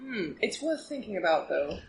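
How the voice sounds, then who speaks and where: Lively playful player in an echoey room. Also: mid-range voice, normal speed, vocal fry, slight background noise. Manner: playful, laughs often. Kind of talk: tabletop role-play chat.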